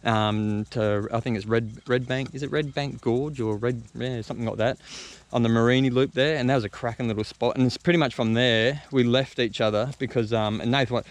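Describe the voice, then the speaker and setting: Fast-talking Australian man telling a story. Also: medium pitch, fairly even intonation. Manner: rambling, lots of fillers and slang. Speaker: travel vlogger. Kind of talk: casual storytelling.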